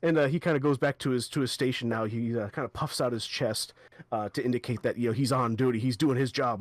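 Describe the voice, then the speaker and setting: A man narrating a tabletop game as game master, halting and repeating himself. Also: mid-range voice, steady tone, no echo.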